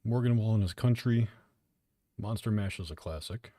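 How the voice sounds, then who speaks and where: A man's voice: on the low side, moderate pace, mellow, dry recording, clean studio sound. A young man streaming from home, chatting casually, swearing freely and poking fun at himself. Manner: profane, offhand, self-mocking. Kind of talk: casual live-stream chat.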